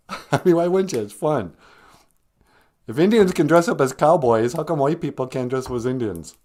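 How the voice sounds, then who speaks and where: A man hosting a comedic live stream, joking with viewers, laughing often and making deadpan asides. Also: a little high, moderate pace. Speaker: host.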